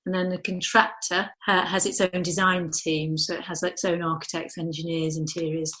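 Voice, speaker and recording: A woman's voice: fairly low pitch, flat delivery, moderate pace, sharp tone, low-quality recording. A middle-aged woman architect talking in an interview, thinking aloud with restarts and lots of "you know". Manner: thoughtful, rambling with restarts and frequent "you know". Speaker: architect guest. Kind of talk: conversational interview.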